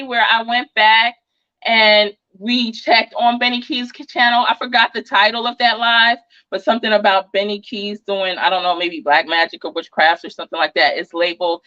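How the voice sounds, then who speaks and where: A middle-aged woman with a New Jersey accent hosting a true crime livestream, talking loudly, fast and passionately in casual chat. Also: fairly high pitch, dry recording. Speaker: true crime YouTube channel host. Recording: slightly dull dry recording.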